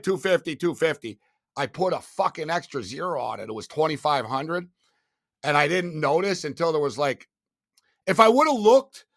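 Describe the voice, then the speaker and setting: A man guesting on an interview, telling stories in a casual, animated, profane way, swinging between loud and soft. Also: fairly high pitch, no room sound, studio quality. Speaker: guest, sports betting media host.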